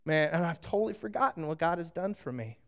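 High-voiced man preaching with playful asides. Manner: animated, jokey, acting out quick asides. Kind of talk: sermon.

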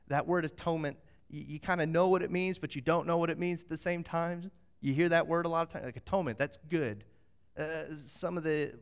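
A middle-aged man preaching a sermon, moving from slow scripture reading to lively, animated storytelling. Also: on the high side, clean tone. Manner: animated storytelling, acts out quotes. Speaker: pastor.

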